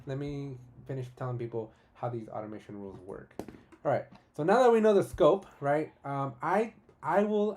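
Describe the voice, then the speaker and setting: A man hosting a live-streamed software tutorial, talking casually and enthusiastically, often adding "right?" and restarting his sentences. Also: on the high side, slight background noise. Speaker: tutorial host.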